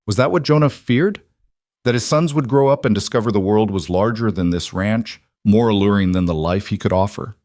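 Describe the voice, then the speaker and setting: A man calmly narrating a romance story in an even storytelling manner. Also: on the low side, no echo, clean studio sound. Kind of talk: scripted narration.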